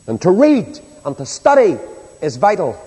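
A preacher with a high, ringing voice delivers an impassioned sermon to a large congregation. He surges into loud exhortation, then drops to a hushed appeal. His words trail off into the long reverb of a big hall. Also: huge pitch swings, moderate pace, husky.

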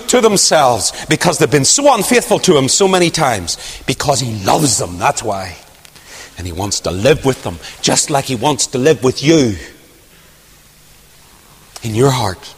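A man preaching a dramatic sermon, swinging from loud rising questions to hushed near-whispers. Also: medium pitch, lively intonation, a little slow, breathy edge. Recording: long hall reverb.

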